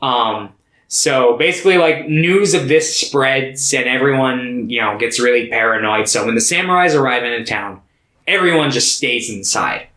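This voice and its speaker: A man's voice: medium pitch, moderate pace, bright, forceful tone, reverberant, rough recording. A man co-hosting a podcast, casually recapping a film with loose, profane, filler-heavy talk. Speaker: podcast co-host. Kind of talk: casual movie chat.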